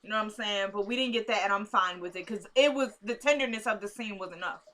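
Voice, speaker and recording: At home, a woman recaps a TV episode for her vlog viewers in slangy, casual chat, acting out the characters' lines. Her medium-pitched voice moves quickly and sounds fairly bright.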